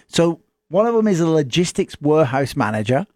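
An English man co-hosting a radio show, talking in a relaxed, jokey way. His voice sits a little high for a man. The studio sound is close and dry. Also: no echo. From England. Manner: chatty, jokey, does quick voices. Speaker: radio host. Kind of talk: casual radio chat.

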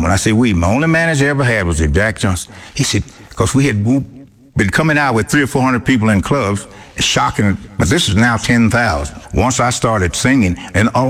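Older man, husky and gravelly, colloquial storyteller with a lively swing in his pitch; fits an interview guest recalling old days. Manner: animated storyteller, colloquial, voices the people he quotes. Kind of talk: anecdotal storytelling.

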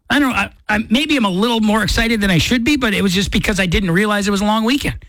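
A man hosting a morning radio show, telling a story in an excitable, chatty way and acting out the quotes. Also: high-pitched, quick pace, no room sound. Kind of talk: casual radio chat. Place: radio studio. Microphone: studio mic.

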